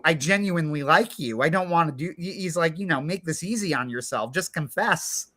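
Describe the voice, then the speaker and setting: A man's voice: on the high side, fairly quick, few pauses, bright, forceful tone. A man co-hosting a livestream, chatting casually and retelling scenes with lots of "like" and quoted back-and-forth dialogue. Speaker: livestream co-host. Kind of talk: casual chat.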